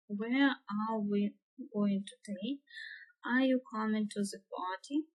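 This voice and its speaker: Slow, hesitant woman teaching grammar. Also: medium pitch, rough recording. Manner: hesitant, many fillers and restarts. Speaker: English teacher. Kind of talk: grammar lesson.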